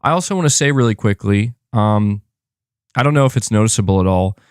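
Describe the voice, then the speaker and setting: Podcast host, male, monotone and a bit sore-throated, low voice, dry close sound, rambling casual delivery. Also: a little fast, clear, resonant tone, dry recording. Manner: rambling, restarts phrases, reads viewer comments aloud. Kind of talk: casual live-stream podcast chat.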